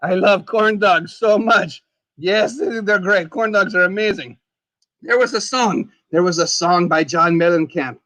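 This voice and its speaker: A man hosting a casual live stream, chatting while he eats. He is excitable, exclaims often and calls himself the dead skeleton in the third person. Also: sits high, measured pace, dry recording.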